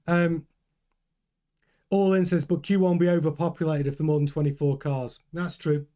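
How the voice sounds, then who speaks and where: Man, live-stream host, casual chat, fairly high voice, thinks aloud with fillers. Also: little pitch movement, moderate pace, dark tone. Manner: chatty and thinking aloud, with frequent fillers and self-corrections.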